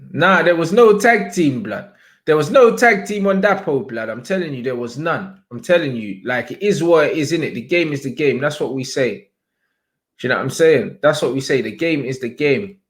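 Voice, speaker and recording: A young man hosting a casual livestream, chatting in heavy slang and shouting out viewers. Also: mid-range voice, animated, normal speed. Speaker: livestream host.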